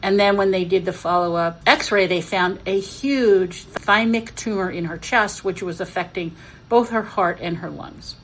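A woman narrating a story for a podcast, in a steady way. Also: medium pitch, measured pace, a little hiss or hum, low-quality recording.

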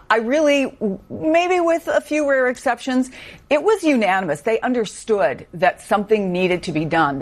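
Earnest woman commentator, emphatic. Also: medium pitch. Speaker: political commentator. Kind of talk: panel discussion.

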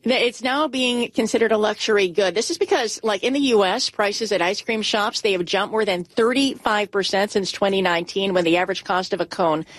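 Woman, news anchor, conversational, middle pitch, dry close sound. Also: no echo, low-quality recording. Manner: brisk, conversational. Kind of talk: radio business news chat.

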